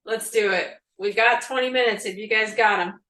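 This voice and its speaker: A woman's voice: medium pitch, normal speed, bright, forceful tone, roomy sound, far from the mic, rough recording. A woman co-hosting a group talk, upbeat and inviting others to speak.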